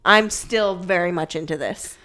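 A woman co-hosting a casual chat, gushing and animated, swearing freely. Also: lowish voice, normal speed.

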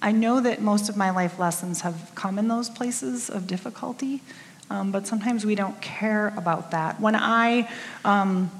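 A middle-aged woman giving a conversational sermon as a church speaker, candid and self-deprecating, with lots of casual fillers. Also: medium pitch. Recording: long reverb of a large hall.

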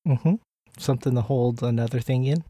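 A man co-hosting a podcast in casual chat, with dry, deadpan banter. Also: medium pitch, a little fast, breathy edge, dry recording. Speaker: podcast co-host.

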